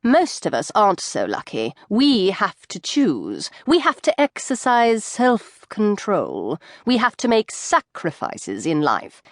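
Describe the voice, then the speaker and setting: A woman's voice: medium pitch, wildly swooping pitch, takes it slowly, few pauses, no echo, clean studio sound. A woman reading the part of a domineering mother who lectures in cold, clipped sentences. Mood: lecturing. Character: stern domineering mother, quietly menacing.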